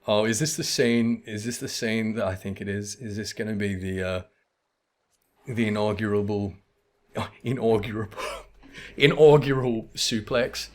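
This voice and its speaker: A man's voice: on the low side, fairly even intonation, moderate pace. Tired, chatty man streaming a game. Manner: chatty, swears freely, laughs at the game. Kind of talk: casual game commentary. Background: game music.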